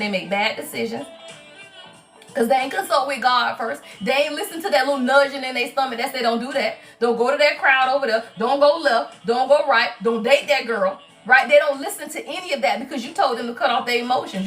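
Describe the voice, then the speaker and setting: A woman giving a casual livestream tarot reading in an animated, preachy way, often checking in with "right?" and "y'all". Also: high voice, recorded from a distance. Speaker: tarot reader and spiritual advisor.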